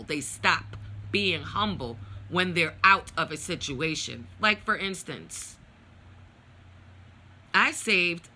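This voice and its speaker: A woman's voice: fairly low pitch, pushed and bright. A middle-aged woman vlogging a personal story, venting in a blunt, profane, heated way.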